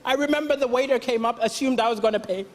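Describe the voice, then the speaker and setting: A man from Malawi, performing a stand-up comedy routine with deadpan storytelling and sudden loud punchlines on a theatre stage. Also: extremely high pitch, fast. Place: theatre stage before a live audience. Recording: live show with crowd laughter and noise.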